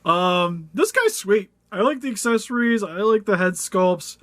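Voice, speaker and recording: A man's voice: high-pitched, lively intonation, measured pace, a bit bright, no echo. A man hosting a casual action figure review, chatty and laughing easily between loose fillers. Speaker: toy review host.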